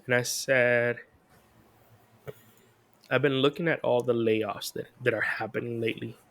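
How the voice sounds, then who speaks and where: A man's voice: medium pitch, steady tone, a little slow, a bit bright. A man co-hosting a podcast, talking bluntly and frankly in casual chat. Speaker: podcast co-host.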